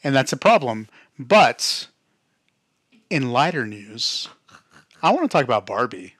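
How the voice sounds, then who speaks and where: A man's voice: mid-range voice, big pitch swings, measured pace, fairly bright tone, husky, no echo, studio quality. A man co-hosting a podcast in casual chat, opinionated, steering the topics. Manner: opinionated, leads the topics, keeps asking "you know what I mean". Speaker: podcast co-host.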